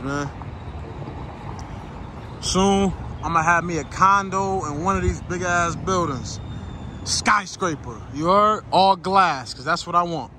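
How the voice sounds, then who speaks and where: A young man with a high voice vlogs from a scooter on city streets, his phone held in one hand. He talks straight to his viewers in loose, profane slang, keyed up and rambling, while loud traffic rushes past the mic. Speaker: vlogger. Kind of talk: casual vlog narration on the move. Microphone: handheld phone while riding. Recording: outdoor phone recording with loud traffic noise. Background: city traffic and street noise.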